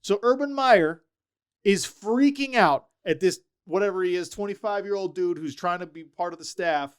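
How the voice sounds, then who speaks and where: A man telling lively stories as a podcast guest, acting out the people he quotes. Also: high voice, normal speed, smooth. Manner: animated storyteller, acts out quoted voices. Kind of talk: casual storytelling chat.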